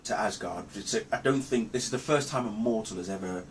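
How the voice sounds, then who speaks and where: A man recapping a film's plot in a casual review, rambling and halting with many ums and restarts. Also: lowish voice, a little hiss or hum. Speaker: movie reviewer. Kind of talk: casual spoken film review.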